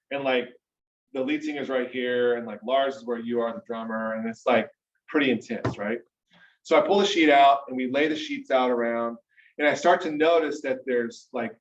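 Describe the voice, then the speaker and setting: Man, casual group storytelling, animated, keeps asking "right?", echoey room, dull muffled sound. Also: mid-range voice. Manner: animated, conversational, frequent "right?" and "okay?". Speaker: mastermind speaker. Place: meeting room with a small audience. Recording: roomy, distant, dull-sounding room recording.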